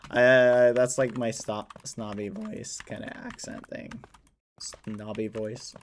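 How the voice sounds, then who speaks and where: Male streamer, excitable and chatty, slow delivery. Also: mid-range voice, slight background noise. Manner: excitable, laughs often, talks to chat. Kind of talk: casual live-stream chat.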